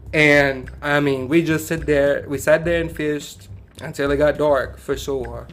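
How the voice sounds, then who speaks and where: A man with a Cajun accent, a podcast guest telling a personal story in a lively, casual way, laughing as he goes and using Southern turns of phrase. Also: on the high side, a little slow, hardly any pauses. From Louisiana bayou country.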